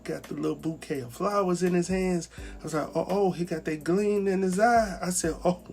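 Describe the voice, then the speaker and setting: Chatty man recapping a TV episode. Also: a little high. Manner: chatty, animated, acts out characters' lines. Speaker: TV recap host. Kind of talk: casual recap commentary.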